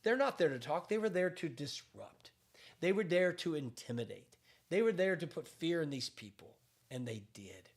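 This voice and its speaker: A man's voice: fairly high pitch, animated, moderate pace, slightly rough. A man speaking as a pastor, giving emphatic commentary on current events with repeated phrases and frequent restarts.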